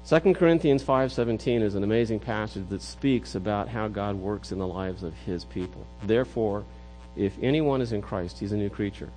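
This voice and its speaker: A man's voice: fairly low pitch, fairly quick, few pauses, warm tone, faint music behind, poor audio. A middle-aged man preaching a sermon in an earnest way, often repeating words as he builds a point. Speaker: pastor.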